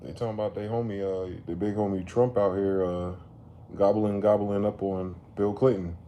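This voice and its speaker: A man ranting in a late-night commentary vlog, animated and profane, repeatedly telling listeners to slow down. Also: fairly low pitch, slight background noise. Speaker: commentary vlogger. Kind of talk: late-night rant to camera.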